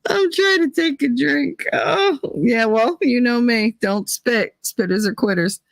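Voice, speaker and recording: A woman's voice: a little high, unhurried, vocal fry, no room sound. Giggly woman hosting a casual chat. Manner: giggly, laughs often, animated storytelling. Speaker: host. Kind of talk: casual live chat reading viewer comments.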